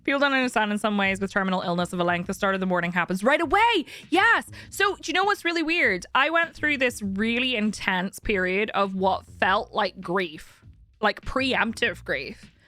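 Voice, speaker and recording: A woman's voice: mid-range voice, animated, moderate pace, bright, forceful tone. A young woman streaming and chatting casually with viewers, candid and talkative, laughing often.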